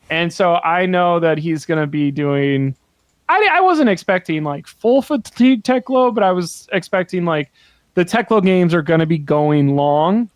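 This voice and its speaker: A man co-hosting a podcast in casual chat, telling an animated story with laughter and swearing, close on the microphone. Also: a little high, no room sound. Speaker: podcast co-host.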